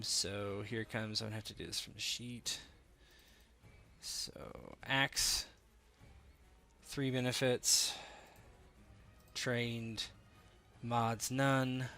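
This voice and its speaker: Male game master, slow and deliberate, gravelly and bright-toned, talks rules through with lots of "um"s. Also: medium pitch. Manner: explains rules, thinks aloud with many fillers. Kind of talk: running a tabletop game online.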